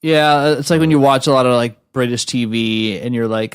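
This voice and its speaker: A man's voice: mid-range voice, moderate pace, few pauses, clear, resonant tone, no echo, studio quality. A man co-hosting an entertainment podcast, chatting casually and jokingly, sometimes mimicking accents for fun. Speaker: podcast co-host. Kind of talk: casual chat.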